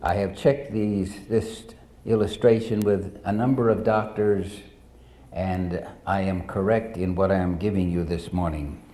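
Mellow-voiced male pastor preaching. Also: deep voice, steady tone. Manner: storytelling, measured, addresses the congregation directly. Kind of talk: sermon.

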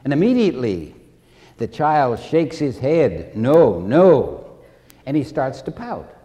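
A man preaching a sermon with slow, deliberate delivery, repeating key phrases and acting out stories. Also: mid-range voice, wildly swooping pitch, mellow, in a large hall.

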